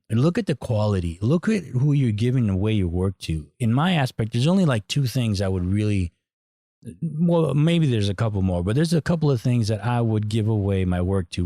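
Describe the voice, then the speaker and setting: A middle-aged man hosting a podcast, giving a blunt, profane, animated monologue. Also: fairly low pitch, no echo, studio quality. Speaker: podcast host. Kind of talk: casual opinionated monologue.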